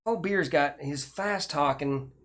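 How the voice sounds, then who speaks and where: A man's voice: fairly high pitch, slow pace, fairly bright tone. Older chatty man. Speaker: host. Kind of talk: casual chat.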